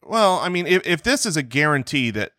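A man chatting on a comedy podcast with a bright, forceful tone and a fairly high voice. He talks in animated bursts, restarting his words as he goes. The sound is dry and close over a call mic. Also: brisk, dry recording. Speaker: podcast co-host. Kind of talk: casual comedic chat. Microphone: remote call mic.

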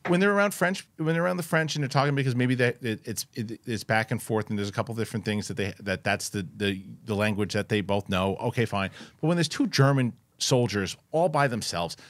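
A male podcast co-host talks casually about a film, rambling with frequent restarts and some swearing. His medium-pitched voice is brisk with few pauses, and the recording is dry.

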